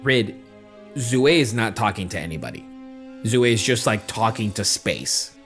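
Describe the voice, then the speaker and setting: A man serving as game master, setting scenes in a slow, dramatic way. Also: fairly low pitch, very animated, creaky, fairly bright tone, faint music behind. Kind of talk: narrating a tabletop game.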